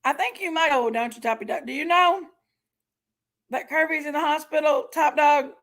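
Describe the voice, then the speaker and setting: A chatty woman hosts a casual livestream, greeting viewers by name and laughing easily. Her voice sits high and bright in pitch. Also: normal speed. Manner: chatty, reads viewer names aloud and laughs often. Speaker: livestream host.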